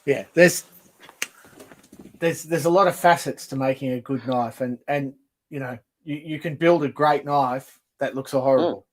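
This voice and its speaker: A man hosting a podcast, asking questions in a relaxed casual interview. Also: medium pitch, moderate pace, rough recording. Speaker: podcast host.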